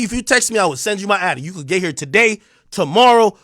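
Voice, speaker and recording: A man with a New Jersey accent rants heatedly on a livestream from his home streaming room, taunting and confrontational, swinging between loud and low. As the livestream host, he speaks expressively at a quick pace. The studio sound is clean, with no room sound.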